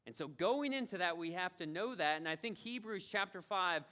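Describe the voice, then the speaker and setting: Male pastor, sermon delivery; high, sharp voice; talks like he's telling a story, repeats lines to drive them home. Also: lively intonation, moderate pace. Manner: conversational storytelling, repeats key phrases.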